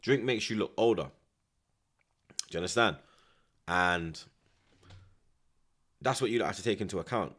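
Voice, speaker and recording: A young streamer chats casually in street slang while reacting live to a football match, animated and full of tag questions. His husky, deep voice keeps a measured pace broken by long pauses.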